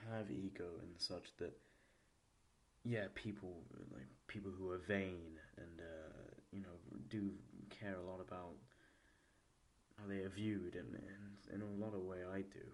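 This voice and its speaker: A man hosting a solo podcast, thinking aloud in a halting, rambling way with many restarts, his voice a little posh and nasal. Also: deep voice, steady tone. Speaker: podcast host. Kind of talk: solo reflective podcast monologue.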